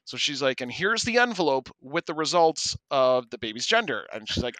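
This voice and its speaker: Male podcast co-host, bright tone, dry sound, animated storyteller. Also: medium pitch, moderate pace, no echo. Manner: animated, acts out quoted voices. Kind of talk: casual storytelling.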